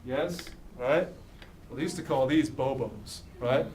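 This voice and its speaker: A man's voice: mid-range voice, a little slow. Philly-accent guy teaching a class, keeps going okay? right?, far mic, echoey room, faint hum. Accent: Philadelphia. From Philadelphia. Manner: animated, checks in with "okay?" and "right?" constantly. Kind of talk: classroom lesson.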